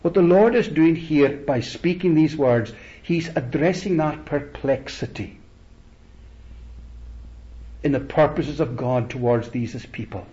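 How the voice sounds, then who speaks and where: Male preacher, slightly high voice, very slow measured delivery, muffled lo-fi recording. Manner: slow, deliberate preaching with rising emphatic peaks and soft trailing endings. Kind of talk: sermon.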